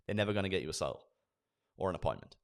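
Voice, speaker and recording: A man in his forties, a sales trainer, giving an energetic lesson and acting out sales dialogues. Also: sits low, rapid-fire. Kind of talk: instructional talk with acted role-play.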